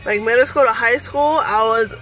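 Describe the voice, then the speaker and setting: Bright-voiced chatty woman in her thirties. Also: on the high side, normal speed, faint music behind, poor audio. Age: 30s. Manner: chatty, animated, lots of fillers. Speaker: vlogger. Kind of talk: casual storytelling.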